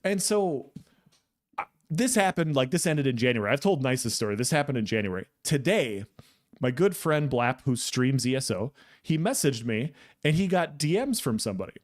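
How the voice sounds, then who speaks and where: Male podcast co-host, chatty storyteller, rambling and animated. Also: medium pitch, normal speed. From Texas. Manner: animated, rambling, many fillers and restarts. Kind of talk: casual storytelling chat.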